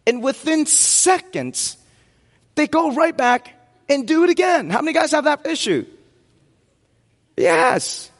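High-voiced preacher in a reverberant hall. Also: male voice, sing-song, slow, long pauses. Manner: preaching with call-and-response questions to the congregation. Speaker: pastor. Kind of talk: sermon.

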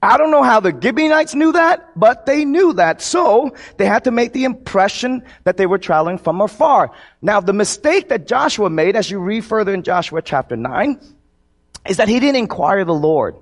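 A man's voice: high-pitched, lively intonation, moderate pace. A man preaching a sermon to his congregation in a conversational, joking way. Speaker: pastor.

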